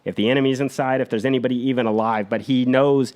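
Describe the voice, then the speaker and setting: A man on a podcast retelling a war story in an energetic, blunt, profane way. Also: medium pitch, quick pace, clear, resonant tone.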